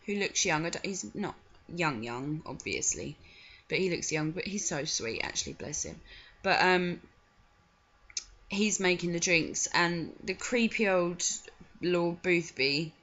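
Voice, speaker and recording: A woman's voice: fairly low pitch, fairly bright tone. A woman giving frank, chatty commentary on film clips, with disgusted asides. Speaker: video commentator. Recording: dull lo-fi recording.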